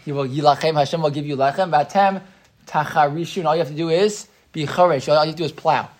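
A woman with a deep voice talks fast as she leads an interactive Torah class. She is lively, tells stories, and puts questions to the group.

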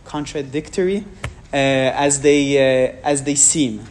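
A man with a French accent, giving a public talk and answering audience questions frankly, with measured pauses and restarts. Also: mid-range voice, a little mellow, a little hiss or hum.

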